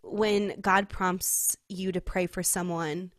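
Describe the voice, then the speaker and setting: A young woman from California, co-hosting a podcast and telling a personal story in casual, heartfelt chat, full of "like" and quick laughs. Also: fairly low pitch, flat delivery, a bit bright, no echo, studio quality. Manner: chatty storytelling, heavy use of "like", laughs often. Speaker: podcast co-host.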